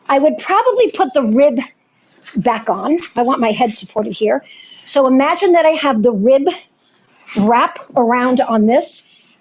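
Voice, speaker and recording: A woman's voice: fairly high pitch, a little mellow, breathy edge, muffled recording. A woman Pilates instructor giving a live class and cueing each movement while she does it, encouraging throughout.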